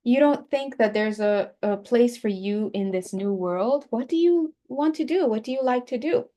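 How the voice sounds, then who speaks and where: A woman with a fairly high voice reads tarot in a loose, chatty way. She laughs often and stretches out words when she wants them to land. She speaks to the camera from home. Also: expressive, moderate pace, dark tone. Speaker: tarot reader. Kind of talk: casual spiritual tarot reading.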